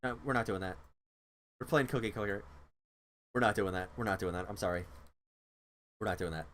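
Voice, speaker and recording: A man's voice: lowish voice, brisk, a bit bright, a little hiss or hum. A man hosting a livestream, chatting casually in a rambling, self-deprecating, flustered way. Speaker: livestream host. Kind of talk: casual chat.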